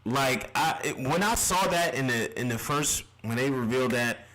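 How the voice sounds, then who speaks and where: Guy on a live reaction stream, swearing nonstop, bright edgy voice, pitch jumping all over. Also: expressive, normal speed, rough recording. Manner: profane exasperated ranting.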